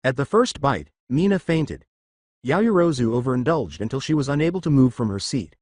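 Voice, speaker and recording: Expressive male fan fiction narrator. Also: mid-range voice, normal speed, no room sound, studio quality.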